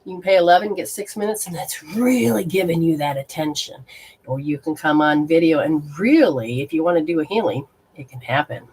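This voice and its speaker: Woman host, lower pitch, spiritual reader on a live stream: blunt, exclamatory, unfiltered. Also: expressive, a little fast, a little mellow, husky. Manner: blunt and exclamatory, swearing, reacting aloud to sensations. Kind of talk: casual live-stream talk with viewers.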